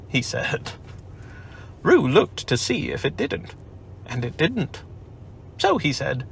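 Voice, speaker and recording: A man narrating a children's storybook aloud at home in an unhurried, expressive manner. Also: mid-range voice, vocal fry, a little hiss or hum. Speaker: audiobook narrator. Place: home, family baking nearby. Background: faint household sounds of cookie making.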